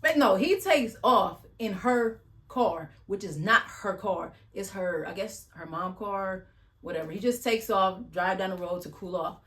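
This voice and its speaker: Woman vlogger, mid-pitched, casual and blunt, slangy storytelling recap. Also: unhurried, a bit bright. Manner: chatty, blunt, slangy retelling with sighs.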